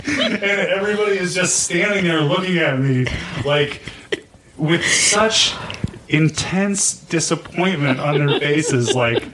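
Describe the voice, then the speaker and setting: A man's voice: high voice, takes it slowly, long pauses, noisy background. A man casually telling a funny childhood story, acting out voices and laughing as he goes. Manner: animated, acts out voices, laughs often.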